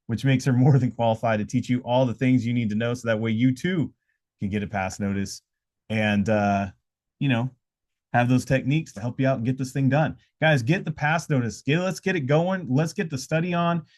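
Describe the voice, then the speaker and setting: Speaking briskly in a mid-range, slightly mellow voice, a podcast host rambles through motivational stretches on a casual live show. He restarts often and says "uh" a lot, recorded indoors amid surrounding noise.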